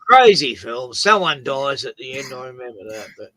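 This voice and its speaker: A man's voice: mid-range voice, big pitch swings, normal speed, pushed and bright, no room sound. A man with an Australian accent hosting a casual chat, rambling through anecdotes with chuckles. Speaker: host.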